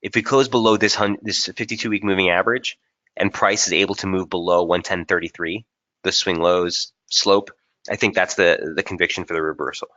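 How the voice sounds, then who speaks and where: Casual male webinar presenter, low and forceful voice, muffled stream audio, thinks aloud. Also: fairly even intonation, fairly quick. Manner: casual, thinking aloud with frequent fillers and restarts. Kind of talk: live chart analysis webinar.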